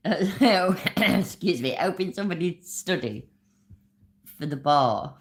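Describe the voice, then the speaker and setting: A woman's voice: fairly low pitch, expressive, takes it slowly. A woman hosting a reaction commentary, mocking and sarcastic, swearing freely. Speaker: channel host.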